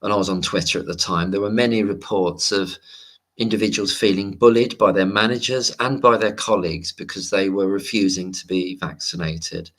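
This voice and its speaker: A man's voice: low-pitched, steady tone, moderate pace, fairly bright tone. A man hosting a late-night livestream, chatting casually and wandering off-topic while he reads out viewer comments. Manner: rambling and digressive, reads viewer comments aloud. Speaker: livestream host.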